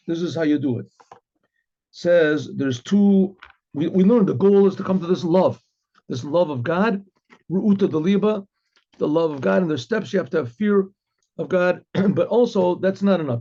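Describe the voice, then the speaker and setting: Husky rabbi teaching in a dull lo-fi recording. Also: male voice, fairly high pitch, dark tone. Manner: earnest, explains step by step, restarts and repeats words; acts out the story, dropping to a murmur for asides. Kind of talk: Torah lesson with Hebrew and Aramaic terms.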